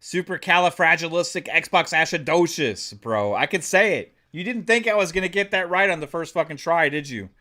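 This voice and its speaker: Bright-voiced rambling streamer man. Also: on the high side, lively intonation, fairly quick, few pauses. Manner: rambling, many fillers, profane. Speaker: live streamer. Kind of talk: casual live-stream chat.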